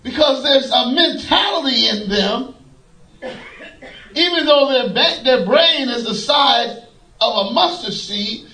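High-pitched preacher guy, folksy sermon, echoey room. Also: lively intonation, slow pace. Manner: folksy, laughing, rising to shouts.

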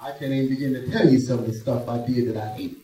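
A man preaching a sermon in a church, swinging between hushed, drawn-out phrases and loud emphatic bursts. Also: mid-range voice, steady tone. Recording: echoey room, voice from a distance.

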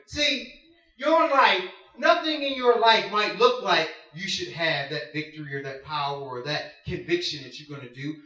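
A man with a high, bright voice preaches, spinning a lively personal story and acting out the people in it. He is picked up from a distance in a roomy church hall, so his voice rings off the walls. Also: normal speed. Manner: animated storytelling, acts out voices, laughs often. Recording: roomy hall heard from afar.

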